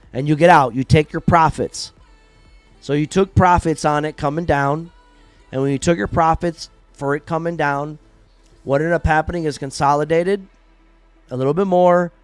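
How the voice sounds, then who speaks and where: A man hosting a live trading stream, explaining trades in a blunt, profane, animated way and acting out traders' reactions. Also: a little high, smooth, dry recording. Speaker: trading livestream host.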